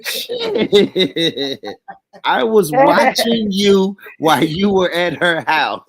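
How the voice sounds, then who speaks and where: A man's voice: sits high, very animated, very slow, crowd noise. A man co-hosting a casual livestream chat, laid-back and laughing, dropping frequent "yeah"s. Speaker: livestream co-host.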